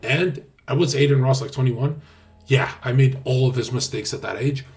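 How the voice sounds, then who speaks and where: A man's voice: mid-range voice, normal speed, darkish tone. A man talking casually on a livestream, brash, boastful and profane. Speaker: streamer.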